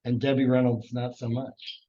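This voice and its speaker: A man's voice: mid-range voice, little pitch movement, normal speed, warm tone. A middle-aged man teaching history in a casual, rambling, enthusiastic classroom lecture. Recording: dull lo-fi classroom recording.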